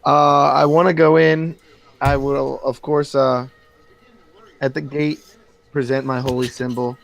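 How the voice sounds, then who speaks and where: A man with a mid-range voice plays a tabletop game in a casual chat. He often loses his words and restarts. He speaks in halting bursts. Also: mid-range voice, flat delivery, gravelly, dry recording, low-quality recording. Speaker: player.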